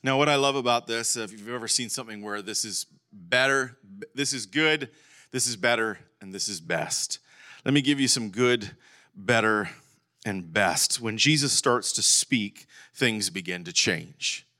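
A middle-aged man, a pastor, preaching a lively sermon and calling out to his congregation. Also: on the low side, a little slow. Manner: animated preaching, calls out to congregation.

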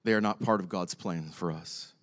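A man's voice: low voice, moderate pace, fairly bright tone. An older man, a pastor preaching a sermon, tells a personal story with animation, acting out both sides of a conversation and laughing along the way.

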